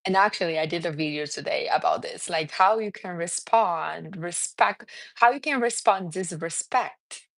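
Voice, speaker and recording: A woman with a Brazilian accent speaks in a casual, earnest live-stream style, her everyday voice sitting mid-range and jumping up high when she gets lively. The sound is close and dead dry, with no room in it. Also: moderate pace, dry recording. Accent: Brazilian Portuguese. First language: Portuguese. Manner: earnest, reads live chat names, answers viewers. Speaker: self-esteem coach hosting a live stream.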